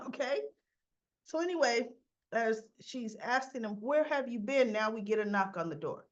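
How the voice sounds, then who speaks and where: A woman casually recapping a soap opera episode, acting out the characters' lines, with a cough and frequent throat clearing. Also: a little high, sing-song, moderate pace, muffled recording. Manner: chatty, acts out characters' lines in quotes.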